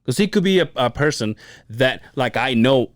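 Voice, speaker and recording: A man talking in a casual podcast chat, animated, restarting sentences and acting out quoted asides. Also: mid-range voice, moderate pace, no room sound, clean studio sound.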